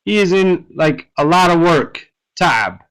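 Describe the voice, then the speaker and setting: Guy teaching a class online, kinda high voice, slow patient explaining, keeps saying right?. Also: lively intonation, fairly bright tone, smooth, rough recording. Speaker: Arabic teacher. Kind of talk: explaining a reading text. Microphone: computer mic on an online class.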